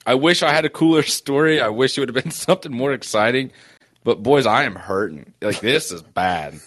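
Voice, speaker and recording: A man's voice: medium pitch, fairly quick, a bit bright. A man co-hosting a casual sports podcast, telling long self-mocking stories in a rambling way while sore and breathing with effort. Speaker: podcast co-host.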